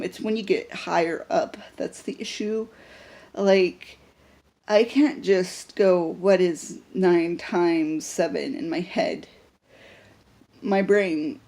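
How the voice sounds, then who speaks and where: A woman's voice: on the low side, creaky, a little mellow. A young woman talking unscripted to a handheld camera in a personal vlog, rambling with lots of fillers and restarts. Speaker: vlogger.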